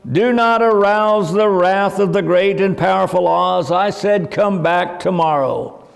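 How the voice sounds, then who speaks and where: A man's voice: measured pace, gravelly, in a large hall. A man reading aloud the lines of a blustering, stammering male wizard. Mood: booming. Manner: booming then stammering.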